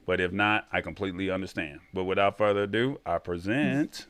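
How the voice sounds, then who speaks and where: A man introducing a show episode in a relaxed, chatty way. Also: low-pitched, fairly quick, soft background music. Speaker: co-host.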